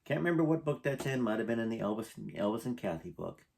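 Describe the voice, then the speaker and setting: A man's voice: mid-range voice, very animated, fast talker, creaky, darkish tone, slight background noise. A man reading a memoir aloud and breaking off into rambling, emotional, conversational asides.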